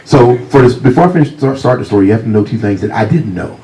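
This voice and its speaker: A man with a deep voice telling humorous anecdotes as a guest author at a library talk, speaking close to a handheld mic. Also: lively intonation, fast, low-quality recording. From Virginia, USA. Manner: warm, humorous anecdotes, often laughing. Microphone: handheld mic close to mouth.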